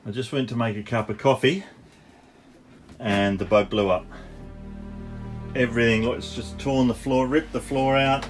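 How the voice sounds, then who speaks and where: A middle-aged man in shock, talking haltingly with many pauses as he records a video diary aboard his damaged boat. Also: medium pitch, fairly even intonation, soft background music. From Australia. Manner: halting, filler-heavy. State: in shock, emotional. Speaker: sailing vlogger.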